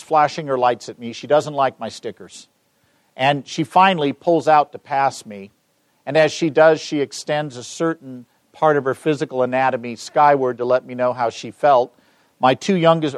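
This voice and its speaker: A middle-aged man from Los Angeles, giving a public talk and taking audience questions with lively, joking storytelling. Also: mid-range voice, dry recording. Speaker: speaker answering audience questions.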